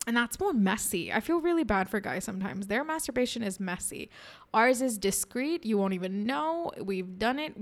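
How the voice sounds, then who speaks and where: A young woman from India talking frankly in a candid personal monologue, laughing often and sounding a bit self-conscious. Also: medium pitch.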